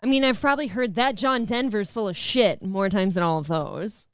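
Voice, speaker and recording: A woman's voice: mid-range voice, normal speed, clear, resonant tone, no echo, studio quality. A woman co-hosting a casual live show, trading wry, teasing remarks with her co-host. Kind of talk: casual live-stream banter.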